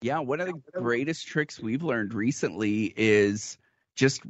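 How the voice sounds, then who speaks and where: Relaxed young dad, dry sound. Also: male voice, medium pitch, unhurried, no echo, dull audio. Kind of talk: casual chat.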